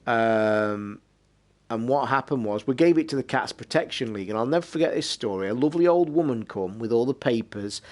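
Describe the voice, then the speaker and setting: A man's voice: medium pitch, fairly quick. A British man hosting a live stream, telling a rambling story in a casual, swear-filled way. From United Kingdom. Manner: swears constantly, rambling and animated. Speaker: streamer and podcast host.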